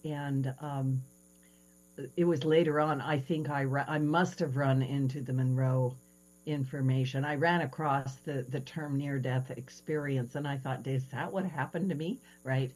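Low-pitched lady radio host, lively chatty stories, lots of ums. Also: unhurried, rough recording. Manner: animated storytelling, hesitant fillers. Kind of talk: casual radio interview chat.

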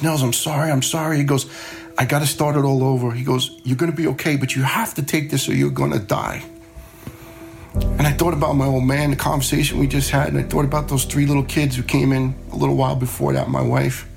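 On a radio show, a middle-aged man tells his own story in a plainspoken, conversational way, playing out the voices of people he quotes. He talks fast at medium pitch with little pitch movement and a creaky voice, over soft background music.

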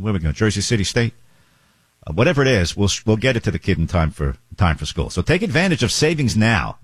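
A man's voice: on the low side, breathy edge, no room sound, clean studio sound. A man hosting morning radio, reading ads in a brash, joking, ad-libbing way. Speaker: radio show host. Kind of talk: morning radio talk and live-read ads. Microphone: close studio microphone.

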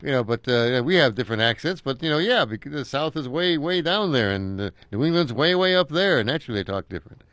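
An older American man chatting casually, rambling and chuckling, pausing often with halting fillers. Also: medium pitch, animated, a bit bright, dry recording. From United States. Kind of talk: casual chat.

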